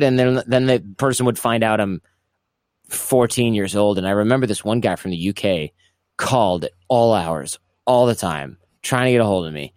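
Man, casual storytelling, animated quoting, frequent restarts, dry close sound. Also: fairly low pitch, moderate pace, no room sound. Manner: animated, acts out quoted voices, restarts often. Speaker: guest recounting his past.

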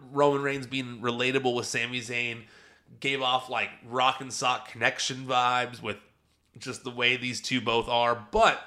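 Man, bright tense tone, casual recap commentary, chatty, enthusiastic. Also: mid-range voice. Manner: chatty and enthusiastic, rambling asides. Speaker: wrestling show reviewer.

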